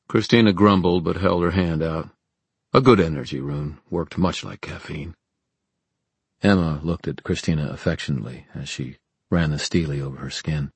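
A man reading an audiobook in calm, measured narration. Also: a bass voice, slightly rough, no echo. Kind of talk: scripted narration.

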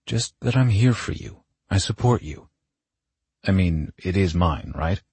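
A man's voice: sits low, expressive, measured pace, darkish tone, breathy edge, no echo, heavily acted. A man reading an audiobook, voicing an anxious, flustered young man who talks in a hesitant, awkward way. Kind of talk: audiobook character voice.

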